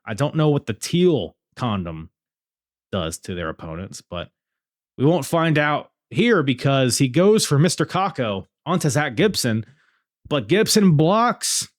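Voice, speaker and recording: A man's voice: medium pitch, big pitch swings, a little slow, dry recording, clean studio sound. Laid-back man rambling about wrestling. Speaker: podcast host. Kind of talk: casual wrestling review.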